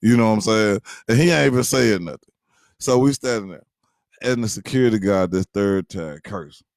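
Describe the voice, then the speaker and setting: A man casually telling a funny personal story to his viewers, animated, addressing them directly and often checking that they follow. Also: lowish voice, moderate pace, vocal fry, no room sound, studio quality. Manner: animated, addresses listeners directly, many fillers.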